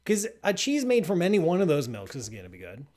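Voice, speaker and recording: A man's voice: a little high, wildly swooping pitch, fast talker, a little mellow. A man hosting a live science show, talking loosely and chatting with playful enthusiasm, with lots of "like" and restarts. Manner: playfully enthusiastic food tasting. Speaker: astrophysicist host of a live call-in space show. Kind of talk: casual live-stream chat.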